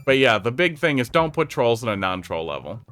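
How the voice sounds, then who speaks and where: A man's voice: medium pitch, big pitch swings, brisk, fairly bright tone. A man giving casual, sarcastic commentary while reviewing viewer-made game levels on a stream, over faint game music. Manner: sarcastic, jokey, chatty.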